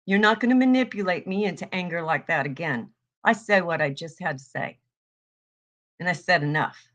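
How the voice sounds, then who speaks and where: A woman giving a heated, profane commentary rant, yelling at times. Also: lowish voice. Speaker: online commentator.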